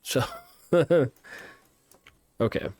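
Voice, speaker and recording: Speaking very slowly and expressively, this man has a mid-range, slightly mellow voice with a breathy edge, recorded dry. He's live-streaming a playtest of student games, offering feedback as he thinks aloud through many fillers and restarts.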